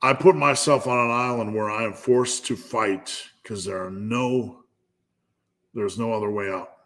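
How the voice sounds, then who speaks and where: A man's voice: fairly low pitch, steady tone, a little slow, fairly bright tone. A man hosting a live fitness Q&A, giving a blunt, profane pep talk. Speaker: fitness channel host.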